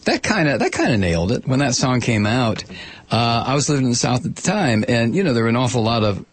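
A man's voice: mid-range voice, big pitch swings, fast. A man hosting a talk radio show, delivering a sarcastic, combative opinion monologue.

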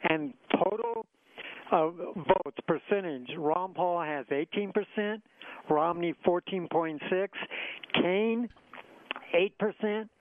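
A man calling into a radio show, clearing his throat and reeling off numbers. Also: high-pitched, slow pace, dry recording. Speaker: caller. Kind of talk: phone-in call. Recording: tinny phone line.

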